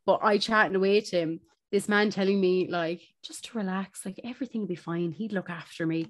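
Lively young Irish woman telling a story. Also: mid-range voice, fairly quick, a little hiss or hum. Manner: animated, swearing, laughs through her story. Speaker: podcast co-host. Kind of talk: casual storytelling chat.

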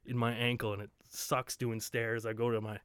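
Man, podcast co-host, casual storytelling, middle pitch, dry close sound. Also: flat delivery, normal speed, a bit bright, smooth, no room sound. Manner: laid-back storytelling, laughs often. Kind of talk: casual chat. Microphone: home studio mic.

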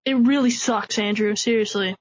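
A man with a high, light voice co-hosts a casual podcast. He goofs around and rambles through exaggerated mock apologies. His sound is dull and lo-fi, coming through a cheap borrowed microphone. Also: fairly even intonation, normal speed. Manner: goofy, over-the-top fake apologies. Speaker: co-host. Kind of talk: casual chat.

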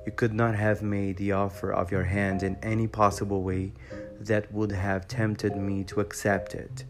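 A man voicing a spirited, indignant young woman in a storybook reading, with a forceful, accusing delivery. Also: fairly low pitch, level tone, moderate pace, lightly acted. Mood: cold. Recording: guitar music behind voice.

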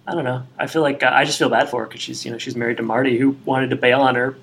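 A man's voice: mid-range voice, rapid-fire, vocal fry. A man co-hosting a podcast, chatting casually and jokingly with many fillers. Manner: relaxed, joking, trails off with fillers. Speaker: podcast co-host. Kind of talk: casual chat.

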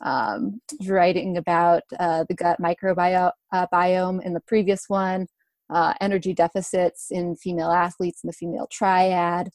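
A young woman in her twenties, a guest in a casual interview, talking in a relaxed, chatty way with many fillers. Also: lowish voice, normal speed, no room sound, studio quality. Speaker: guest, runner and food blogger.

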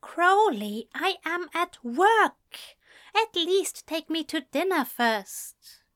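A woman's voice: expressive, slow, bright, forceful tone, no room sound, studio quality, full character voice. A woman voicing a prim, flustered man at his office desk, caught off guard. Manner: high, flustered and breathless.

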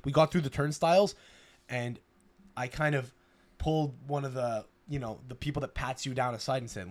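A young man from Canada, hosting a podcast, telling a story fast and loose with swearing and restarts. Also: mid-range voice, darkish tone. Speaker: podcast host. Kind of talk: casual chat.

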